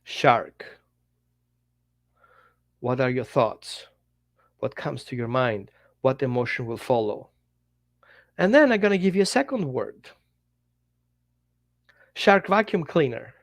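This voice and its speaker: A man dog trainer giving an animated teaching talk straight to the viewer, in slightly non-native English, acting out little quotes as he goes. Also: mid-range voice, a little slow, gravelly, pauses often, dry recording, clean studio sound. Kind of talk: direct-to-camera teaching talk.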